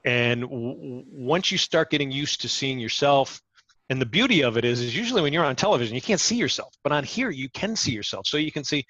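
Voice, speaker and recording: Middle-aged man, ex-TV reporter, energetic guest who stumbles into sentences; dull, dry call audio. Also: medium pitch, a little fast, no room sound. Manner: energetic, repeats words when starting sentences. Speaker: interview guest, former TV reporter. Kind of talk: conversational advice.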